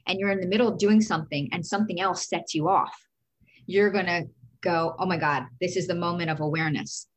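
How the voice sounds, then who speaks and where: A middle-aged woman coach with a slightly low voice talks earnestly. She walks through each step by asking herself a run of questions. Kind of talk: casual advice talk.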